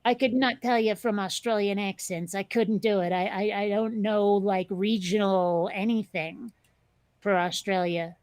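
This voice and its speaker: A woman's voice: medium pitch, fairly even intonation, measured pace, a little mellow, dry recording. A woman hosting a casual chat show, talking in a rambling, chatty way with lots of fillers and restarts. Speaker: podcast host.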